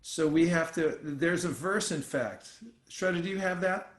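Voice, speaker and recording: A man leading an informal scripture class, talking in a relaxed, conversational way with many fillers and restarts. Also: fairly high pitch, unhurried. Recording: roomy echoey sound.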